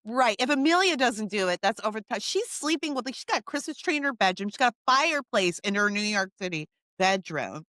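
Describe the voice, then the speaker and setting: A chatty woman with a bright, forward voice muses about a film with her co-host. Her voice sits a little high, and the sound is close and dry. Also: big pitch swings, a little fast, few pauses, no room sound. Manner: chatty and musing, wondering aloud, laughs often. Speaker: podcast co-host. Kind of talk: casual chat reviewing a film. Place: home.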